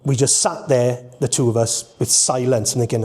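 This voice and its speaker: A Welsh man telling lively stories as a guest, animated and quick to slip into voices. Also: medium pitch. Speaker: entertainer guest. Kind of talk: casual storytelling.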